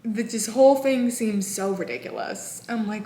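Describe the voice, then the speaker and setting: A woman in her twenties casually recapping a novel in an animated, exasperated way, full of "like". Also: mid-range voice, normal speed, few pauses, a little hiss or hum. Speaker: book vlogger. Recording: echoey room.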